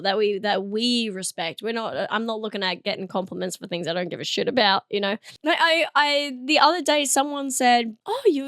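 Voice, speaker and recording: A hoarse woman rambles to her camera in a self-deprecating review vlog, laughing at herself along the way. Her voice sits a little high. The sound is dry and close. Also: a bit bright, no echo. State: hoarse, voice partly lost. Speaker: comedian reviewing things. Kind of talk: casual solo review vlog. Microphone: talking into a camera.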